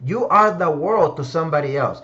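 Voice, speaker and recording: A man's voice: fairly high pitch, animated, a little fast, bright, forceful tone. A man giving a motivational talk in an emphatic, preachy way, repeating his key phrases. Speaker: motivational speaker. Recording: dull lo-fi sound.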